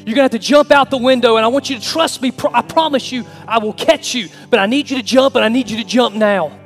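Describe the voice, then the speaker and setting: A man's voice: extremely high pitch, quick pace, soft background music, pitched above the performer's own voice. A man playing an urgent, insistent father. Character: urgent father calling up to his son.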